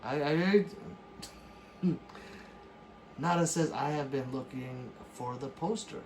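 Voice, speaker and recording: Animated man reading stream chat. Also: mid-range voice, unhurried, long pauses, a little hiss or hum. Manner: reads chat messages aloud and jokes back; animated, bursts into laughs and shouts. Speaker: livestream host reading chat. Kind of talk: casual late-night stream chat.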